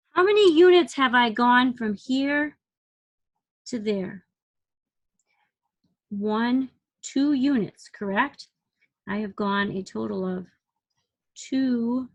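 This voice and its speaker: A woman's voice: fairly high pitch, no room sound. A woman teaching a recorded math lesson, patiently counting units aloud and asking questions as she works. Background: dog barking.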